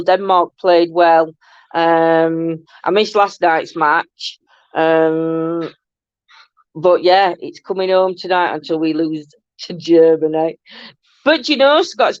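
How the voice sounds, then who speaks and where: A woman's voice: medium pitch, smooth, no room sound. Chatty woman, dull lo-fi sound. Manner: rambling, chatty, breaks into frequent laughter. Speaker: host. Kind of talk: casual live-stream chat.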